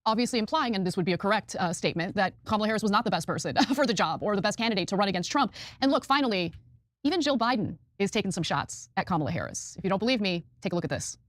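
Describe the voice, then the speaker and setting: A woman's voice: medium pitch, expressive, very fast, no echo, studio quality. A woman co-hosting a political talk show, introducing clips with wry commentary. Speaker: co-host.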